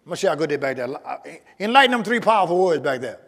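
A man's voice: fairly high pitch, big pitch swings, rapid-fire, a bit bright, big-room sound. A male pastor preaching a sermon with emphatic call-and-response to his congregation, in a church sanctuary.

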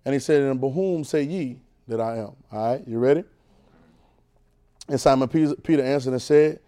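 A man's voice: medium pitch, moderate pace, warm tone. A man preacher teaching a Bible class, repeating phrases and pulling call-and-response answers from the room.

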